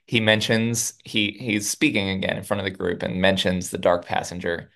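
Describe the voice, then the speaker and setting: Low-voiced man casually recapping a show. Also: normal speed, gravelly. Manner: animated retelling with laughs and playful quotes. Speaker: podcast co-host.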